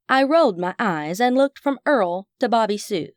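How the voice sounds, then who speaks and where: A woman's voice: on the high side, lively intonation, moderate pace, no room sound, studio quality. A woman narrating a first-person audiobook in a wry, chatty manner.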